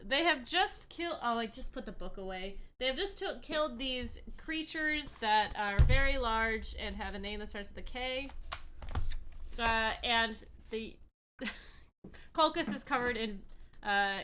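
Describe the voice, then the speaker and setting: Bright-voiced woman game master. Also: fairly high pitch, lively intonation, takes it slowly, slight background noise. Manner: chatty with frequent fillers. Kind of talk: narrating a tabletop game.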